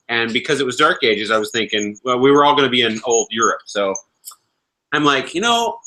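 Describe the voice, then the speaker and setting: A man's voice: mid-range voice, sharp tone, low-quality recording. A man hosting a livestream, telling a casual, rambling story, laughing often and swearing freely. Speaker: livestream host.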